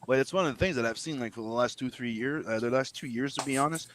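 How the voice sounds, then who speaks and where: A man in casual chat among friends, mid-pitched, rambling with frequent fillers and restarts. He swears freely and talks through half-finished thoughts. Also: quick pace, fairly bright tone, rough recording. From Canada.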